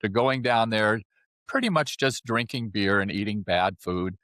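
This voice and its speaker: A man in his seventies, a podcast guest, telling his life story in a chatty, animated way and often checking in with "right?". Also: fairly low pitch, measured pace, dry recording, studio quality. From California. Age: 70s. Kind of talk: casual storytelling interview.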